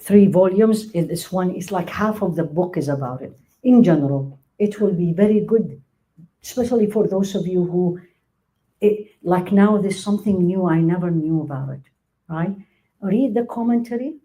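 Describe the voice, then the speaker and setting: Animated woman teaching a religious class. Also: on the low side, normal speed, low-quality recording. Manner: animated, acts out quoted speech, laughs often. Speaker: Islamic teacher. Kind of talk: religious lecture to a live class.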